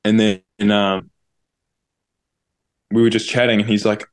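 A man's voice: on the low side, level tone, measured pace, pauses often. A young man in his twenties with a New Zealand accent, a guest telling a story casually over a video call and peppering it with "like". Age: 20s. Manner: rambling, heavy use of "like". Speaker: guest musician.

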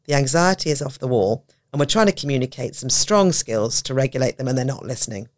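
A woman talks in a relaxed podcast chat and drops into little acted voices of teachers and children as she explains. Her speech is lively and expressive, and she laughs easily. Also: extremely low pitch, quick pace. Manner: animated, acts out quoted voices, laughs often. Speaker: podcast guest, autism educator. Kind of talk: conversational podcast talk.

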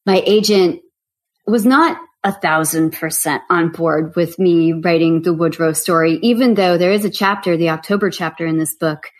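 Lively, low-voiced woman author. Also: normal speed. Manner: animated storyteller. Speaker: author guest. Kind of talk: casual interview chat.

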